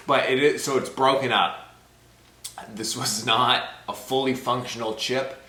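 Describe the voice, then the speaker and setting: A young man talks to the camera at an unhurried, drawn-out pace, in short, fretful bursts. His voice sits in the middle range. The room around him rings with echo. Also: mid-range voice, fairly even intonation, sharp tone. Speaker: vlogger. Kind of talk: casual video blog. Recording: roomy echo, faint background noise.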